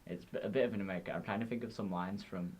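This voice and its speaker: A young man with a fairly low voice, co-hosting a podcast in loose, jokey chat. He giggles easily and keeps slipping into impressions. A faint hiss sits under the talk. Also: rapid-fire, darkish tone. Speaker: podcast co-host. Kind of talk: casual chat.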